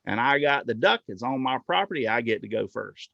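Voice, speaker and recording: A man voicing a stubborn old country farmer who speaks in a flat, unbending way, as part of a told joke. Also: mid-range voice, brisk, vocal fry, dry recording, lo-fi sound. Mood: scheming.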